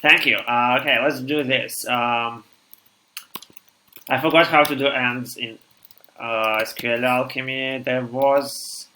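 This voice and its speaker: Tired Russian-accented programmer, bright voice. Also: male voice, medium pitch, fairly even intonation, slight background noise. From Siberia, Russia. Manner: halting, restarts words, reads code aloud. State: tired after long streaming. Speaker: programmer streaming live. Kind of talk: live coding stream, thinking aloud.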